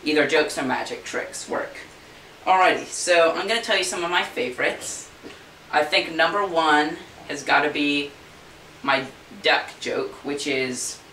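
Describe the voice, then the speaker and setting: Speaking to the camera in a folksy, chatty manner, a balloon-animal maker shares his favorite jokes and puts on funny character voices. His voice is a little high, with a bright, forceful tone. He sits far from the mic, so there's roomy echo and a faint hiss.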